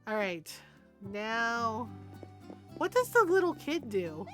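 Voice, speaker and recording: A woman streaming a game, chatting casually, animated and giggly, with a casual habit of swearing. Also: fairly high pitch, slow pace, pauses often, music in the background.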